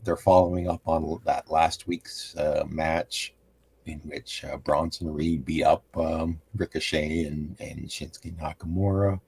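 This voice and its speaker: Low gravelly dude slowly recapping wrestling, dark mellow tone. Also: male voice, fairly even intonation, a little hiss or hum. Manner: halting, many ums and restarts. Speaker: show regular giving a wrestling recap. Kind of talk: casual podcast recap.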